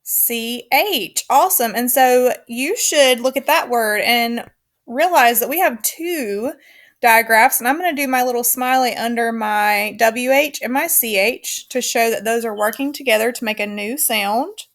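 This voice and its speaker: Woman teacher doing a phonics video for little kids, slow and clear, lots of "good job", a bit high-pitched. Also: a bit bright. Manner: slow, clear, encouraging classroom instruction with counted call-and-response. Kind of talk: recorded phonics lesson for young children.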